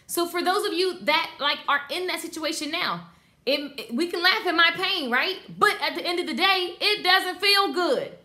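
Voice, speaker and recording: A woman teaching a live online class for hairstylists, talking straight to her viewers in an emphatic, animated way and reading out their comments. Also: extremely high pitch, moderate pace. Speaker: beauty business coach.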